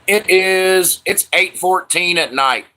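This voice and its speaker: Slow-talking man on a livestream. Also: sits high, sharp tone. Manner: loose, profane, slangy banter with viewers. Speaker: livestream host. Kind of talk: casual livestream chat.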